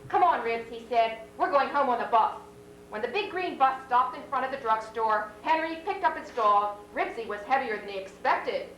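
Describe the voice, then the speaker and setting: Woman, teacher, high voice, expressive storybook read-aloud, echoey classroom recorded from far off, faint hum.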